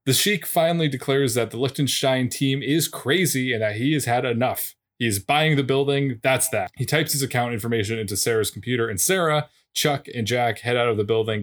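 A man with a mid-range voice gives a casual podcast recap. He moves through the plot in steady, even narration and drops in a dry aside now and then. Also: medium pitch, a little fast, hardly any pauses. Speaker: podcast co-host.

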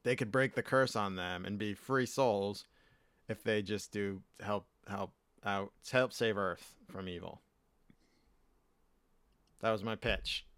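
A man from the US East Coast co-hosts a loose podcast chat, cracking jokes and laughing as he wanders off on tangents. His voice has a bright, forward edge. It is recorded dry and close, with no room sound. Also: fairly low pitch, fairly even intonation, takes it slowly, long pauses, clean tone, dry recording. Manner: joking, laughs often, rambling tangents. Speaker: podcast co-host.

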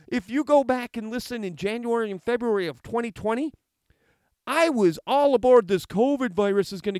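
A man's voice: sits high, darkish tone, dry recording, studio quality. A middle-aged man giving a heated, argumentative monologue, reading out a letter and rebutting it with sarcasm. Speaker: commentator reacting to a letter.

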